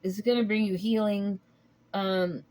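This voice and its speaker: A woman talks through a tarot reading in a loose, casual way. She rambles, stops to restart her thoughts and fills gaps with soft hesitations. Her voice sits at an ordinary middle pitch. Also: fairly even intonation. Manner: rambling, halting, many ums and restarts. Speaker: tarot reader.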